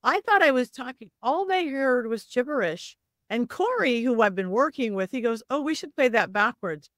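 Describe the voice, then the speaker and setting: Middle-aged woman, fairly high voice, dry close mic, acts out everyone in her story. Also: normal speed, no echo. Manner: acts out voices in quotes, lively swings of pitch. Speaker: psychic medium guest. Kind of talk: animated storytelling.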